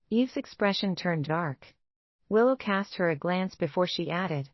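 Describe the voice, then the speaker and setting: A woman giving scripted romance narration in an even, steady reading. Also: on the low side, unhurried, dry recording, dull audio.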